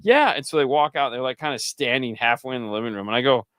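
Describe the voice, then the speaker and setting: A man co-hosting a casual chat show, telling stories with lively quoted voices. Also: mid-range voice, racing, clear, resonant tone, dry recording, studio quality. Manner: animated storyteller, jumps into quoted voices. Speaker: podcast co-host.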